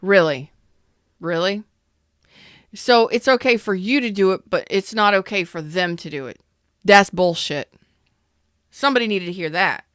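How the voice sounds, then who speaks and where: A woman hosting a live tarot reading, talking in a blunt, profane rant that calls viewers out. Her voice is smooth and clear, recorded close and dry with no room sound. She answers chat comments as she goes. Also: medium pitch, lively intonation, normal speed, a bit bright, dry recording. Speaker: tarot reader.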